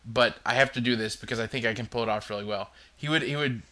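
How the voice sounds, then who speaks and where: Male host, chatty and loose, with a very bright tone. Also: medium pitch, fast talker. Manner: chatty, rambling storytelling. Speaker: podcast host. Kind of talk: casual chat.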